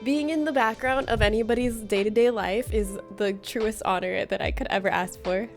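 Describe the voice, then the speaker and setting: A woman's voice: medium pitch, moderate pace, faint music behind. A woman hosting a casual livestream from a room at home, reading out viewer comments in a playful, teasing way and laughing often. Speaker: livestream host.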